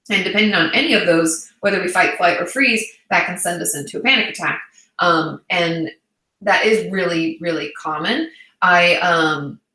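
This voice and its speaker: Woman in her thirties, therapist hosting a chatty livestream; bright voice, roomy echo, loose and reassuring. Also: mid-range voice. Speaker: therapist and channel host. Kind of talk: casual livestream chat answering viewer questions.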